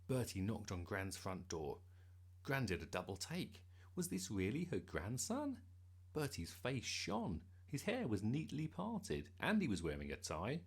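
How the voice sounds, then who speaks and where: Gravelly, lively storyteller man. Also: on the low side. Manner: lively, expressive. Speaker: narrator. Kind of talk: storybook reading.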